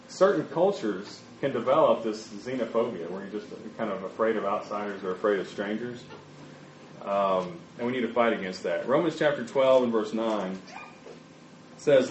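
A man preaching a sermon, talking in a conversational, halting way with many fillers and restarts. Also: mid-range voice, distant mic, a little hiss or hum. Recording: echoey, dull room recording.

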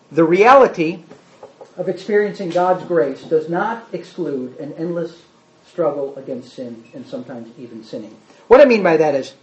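A man's voice: fairly high pitch, echoey room. A man preaching a sermon emphatically, putting rhetorical questions to the congregation. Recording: dull lo-fi sermon recording.

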